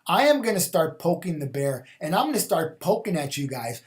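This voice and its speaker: His voice is a little high, very animated, and fairly quick as he hosts a spiritual call-in program. He rambles through a casual spoken monologue, leaning on fillers, repeated phrases, and questions delivered like a rhythmic chant.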